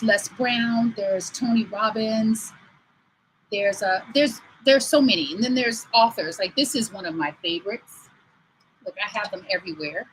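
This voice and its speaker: A woman's voice: mid-range voice, fairly bright tone, a little hiss or hum, poor audio. A woman over forty hosting a livestream show, telling stories in a chatty way and acting out what people said. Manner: chatty storytelling, acts out quoted dialogue. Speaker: host. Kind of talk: livestream talk. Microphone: livestream computer mic.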